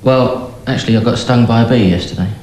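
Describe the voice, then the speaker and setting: An actor playing a patient who delivers deadpan one-liners. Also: male voice, medium pitch, quick pace, echoey room, slight background noise, natural voice, low-quality recording. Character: deadpan joking male patient.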